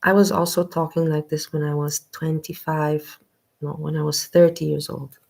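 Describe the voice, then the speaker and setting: A woman reacting to a video in casual commentary, with a lowish, gravelly voice. She talks in a slow, reflective way and circles back over her words as she thinks. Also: little pitch movement, a little mellow. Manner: slow, reflective, repeats herself while searching for words.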